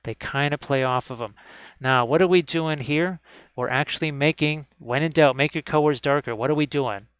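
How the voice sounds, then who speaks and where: A chatty man sits at his hobby desk, teaching miniature painting live to his viewers. His voice sits a little high for a man and comes across smooth and clean. The sound is close and dry, with no room echo. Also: fairly bright tone. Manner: chatty and upbeat, often repeating "look at this". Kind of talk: live painting tutorial stream.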